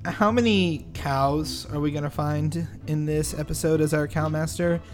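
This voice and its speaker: A man's voice: fairly high pitch, fairly even intonation, moderate pace, soft background music. A man in casual tabletop game podcast chat, goofy and bantering. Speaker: player.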